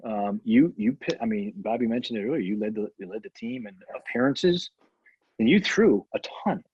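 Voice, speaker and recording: Husky guy hosting, voice bounces around a lot, dull dry lo-fi sound. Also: medium pitch, big pitch swings, normal speed, slight background noise. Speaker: interview host. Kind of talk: casual interview chat.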